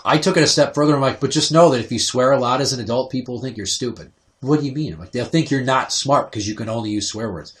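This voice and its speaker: A man's voice: medium pitch, quick pace. A man in his thirties hosting a podcast, telling crude stories and acting out what people said. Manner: profane, animated storytelling, acts out quotes. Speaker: podcast host. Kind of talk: crude casual chat.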